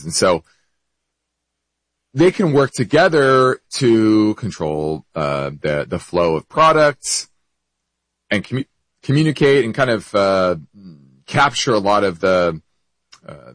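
On his investment program, a man whose voice is lowish with a fairly bright tone breaks down the markets and takes a listener's question, with hiccups and many self-corrections along the way. The recording is low quality but free of echo.

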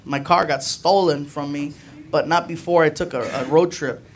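High-voiced man doing stand-up. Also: moderate pace, soft background music. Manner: animated, jokey, acts out friends' voices. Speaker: stand-up comedian. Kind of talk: stand-up storytelling.

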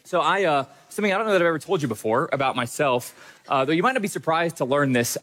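A male pastor preaching a sermon in an energetic, conversational way with quick asides. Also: a little high.

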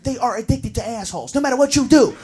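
A woman doing a brash, profane stand-up routine and shouting her punchlines. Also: fairly high pitch, expressive, quick pace, husky, faint music behind. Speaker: stand-up comedian.

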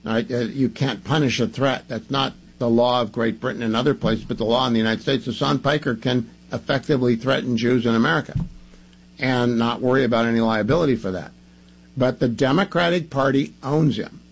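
A man's voice: medium pitch, fairly quick, breathy edge, low-quality recording. A man hosting a talk radio show, delivering emphatic, combative commentary and hammering points through repetition.

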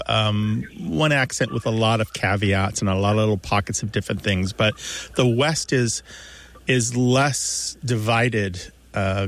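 A man's voice: on the low side, no echo. A man co-hosting a call-in radio show, explaining things in a chatty way and laughing easily.

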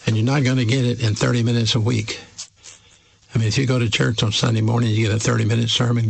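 A man preaching a sermon as a pastor from the United States, slow and emphatic with measured pauses. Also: medium pitch, little pitch movement, creaky, slightly rough, dry recording, poor audio.

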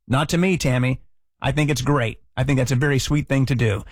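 A middle-aged man hosting a radio show, talking in a relaxed, chatty way with light self-mocking humor. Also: mid-range voice, quick pace, no echo, clean studio sound. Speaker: radio host. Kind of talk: casual radio chat. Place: radio studio.

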